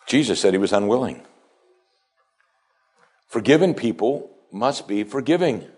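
A pastor preaching a sermon, dropping to quiet asides and then rising to strong, emphatic lines. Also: male voice, lowish voice, animated, unhurried, pauses often, slightly rough, faint music behind. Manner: preaching with wide swings between hushed asides and raised, emphatic lines.

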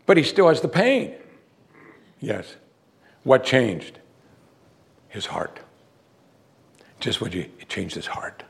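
Male preacher, gravelly voice, emphatic, asks rhetorical questions, reads scripture in between. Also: medium pitch, huge pitch swings, slow, pauses often. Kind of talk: sermon.

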